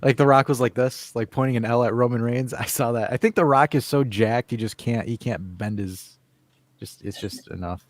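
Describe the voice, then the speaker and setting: A man's voice: medium pitch, moderate pace, no room sound. A man co-hosting a casual call-in sports podcast, laughing often and acting out bits of stories. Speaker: podcast co-host. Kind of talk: casual call-in show chat.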